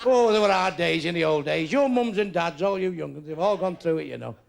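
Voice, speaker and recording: A man's voice: fairly high pitch, lively intonation, a little fast, creaky. An older man doing live stand-up, bluntly and crudely teasing people in the audience. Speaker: stand-up comedian. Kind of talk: live stand-up crowd work. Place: comedy club stage. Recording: live club recording with background noise.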